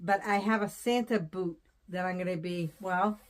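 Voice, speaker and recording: A woman's voice: on the low side, normal speed, a little hiss or hum. A woman from Southern New Hampshire, chatting casually as she unboxes wreath ribbon, rambling and repeating her phrases. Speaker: wreath designer and vlogger.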